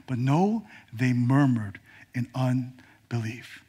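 A male preacher giving a sermon, dramatic and swinging from emphatic declarations to hushed whispers. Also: high-pitched, expressive, moderate pace.

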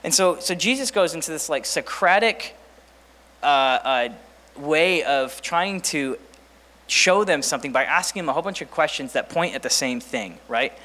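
A man's voice: a little high, lively intonation, moderate pace, bright, forceful tone. A male pastor giving a conversational sermon, with many fillers and restarts, and often asking his listeners questions. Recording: reverberant hall.

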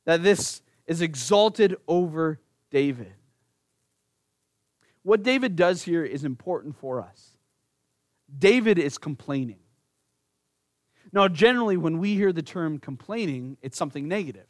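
A man's voice: on the high side, expressive, measured pace, long pauses, no echo, clean studio sound. A man preaching an earnest sermon, speaking directly to his congregation and rising into pleading emphasis. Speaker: pastor.

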